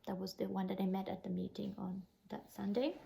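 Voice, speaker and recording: A woman's voice: medium pitch, flat delivery, fairly quick, gravelly, mellow, poor audio. A young woman from Italy with an Italian accent, telling a painful personal story in a casual vlog, full of "like" fillers. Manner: emotional, recounting a bad experience, lots of "like" fillers. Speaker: vlogger.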